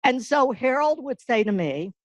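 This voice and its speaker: A woman's voice: sits high, big pitch swings, no room sound, poor audio. An older woman from the North Carolina-Virginia border, giving a folksy, heartfelt award tribute. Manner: folksy storyteller, slow and emotional. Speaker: award presenter.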